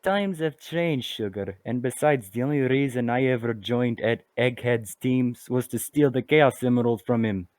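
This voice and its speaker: A man's voice: mid-range voice, normal speed, hardly any pauses, a little mellow, dry recording, lightly acted. A man voicing a sly, flirtatious female bat jewel thief in an amateur fan dub, with a teasing, confident manner. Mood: smug.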